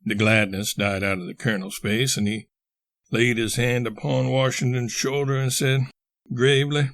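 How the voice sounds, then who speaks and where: Male audiobook reader, mid-pitched, a touch gravelly, dry recording. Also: little pitch movement, normal speed, fairly bright tone, no echo. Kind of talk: scripted narration.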